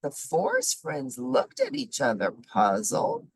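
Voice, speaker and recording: A woman reading a children's picture book aloud in an animated, sing-song way. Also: low voice, slow, creaky, slightly rough, no room sound, low-quality recording. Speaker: storybook reader. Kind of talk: children's story read aloud.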